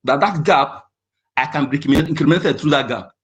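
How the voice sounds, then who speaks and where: Man, heated and insistent, fairly high voice, call-in audio. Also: fast, fairly bright tone. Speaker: caller. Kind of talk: impassioned call-in speech.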